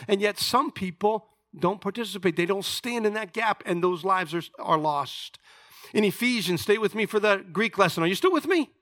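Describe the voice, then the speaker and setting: A man preaching a sermon, explaining scripture with lively asides and questions to the congregation. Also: high voice, no echo, clean studio sound. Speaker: pastor.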